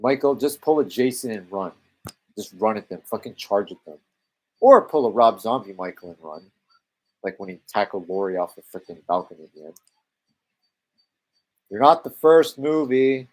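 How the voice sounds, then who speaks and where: A man's voice: on the low side, animated, moderate pace, pauses often, darkish tone. A man with a Canadian accent giving exasperated, sarcastic live commentary over a film, swearing freely. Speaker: movie commentary live-streamer.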